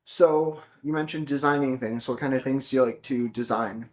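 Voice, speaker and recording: A man's voice: mid-range voice, moderate pace, darkish tone. Guy doing an interview, medium voice, says good a lot between questions. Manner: short affirming replies between questions.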